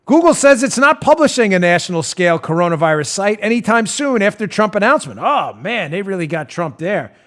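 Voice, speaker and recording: A man's voice: high voice, very animated, fairly quick, few pauses, fairly bright tone. A man hosting a political talk show, giving sarcastic, mocking commentary into a studio mic and laughing at his own jabs. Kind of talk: opinionated commentary.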